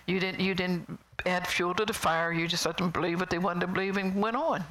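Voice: medium pitch, steady tone, fairly quick, a bit bright, low-quality recording. A middle-aged preacher giving a sermon in a rambling, conversational way, with chuckling asides and whispered emphasis.

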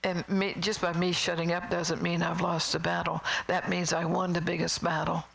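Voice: medium pitch, little pitch movement, moderate pace, vocal fry, a bit bright, poor audio. A middle-aged preacher giving a sermon in a rambling, conversational way, with chuckling asides and whispered emphasis.

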